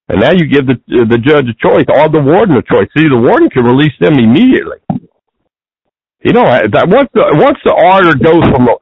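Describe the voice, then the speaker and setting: A man's voice: mid-range voice, husky, dry recording. A man talking as an interview guest in a casual, rambling way, often restarting his sentences, on a dull lo-fi recording.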